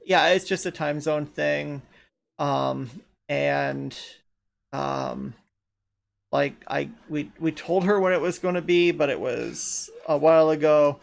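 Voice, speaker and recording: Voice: mid-range voice, slow, creaky. A podcast host from Canada who says they are tired, chatting casually and rambling with frequent laughs. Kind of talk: casual chat.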